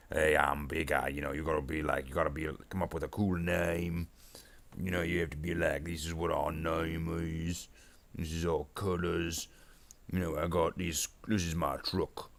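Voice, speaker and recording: A huge, bossy male orc warlord with an extremely deep rumble, bragging about his name, his colors and his truck, as a streamer puts him on. He rambles on and stretches out his big declarations. It is casual live stream banter held in character. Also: fairly bright tone. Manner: rambling, boastful, with slow drawn-out declarations. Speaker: live streamer painting miniatures.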